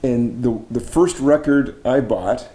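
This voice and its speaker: A middle-aged Canadian man interviews a fellow singer casually, full of chatty admiration and enthusiasm, with restarts along the way; he works as a barbershop arranger and judging chair. He speaks slowly in a warm, medium-pitched voice, recorded in a roomy space.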